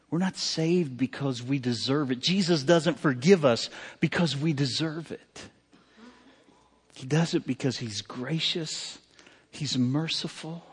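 Male pastor, mid pitch, earnest conversational sermon delivery, long hall reverb. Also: husky. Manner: conversational, heartfelt, many fillers and restarts. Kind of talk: sermon storytelling.

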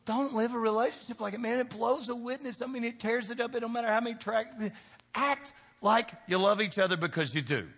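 A man's voice: very high voice, fairly quick, fairly bright tone, husky, big-room sound. A man pastor preaching a sermon, emphatic and folksy, throwing call-and-response questions to the congregation. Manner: folksy, joking asides to the congregation.

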